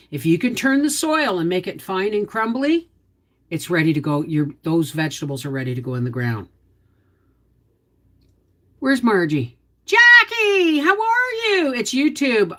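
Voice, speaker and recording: Woman, livestream host, folksy and chatty, lively rising-and-falling delivery. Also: lowish voice, measured pace. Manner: chatty, explains cooking and gardening while answering viewers' comments; folksy, down-to-earth. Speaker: homestead channel host. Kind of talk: casual livestream chat.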